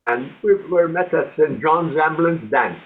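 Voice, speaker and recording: A man's voice: on the high side, animated, moderate pace. An older Irish man, a guest author, telling rambling anecdotes and acting out the people in them. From Ireland. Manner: rambling anecdotal storyteller, acts out voices. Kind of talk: storytelling interview. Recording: tinny phone-like line.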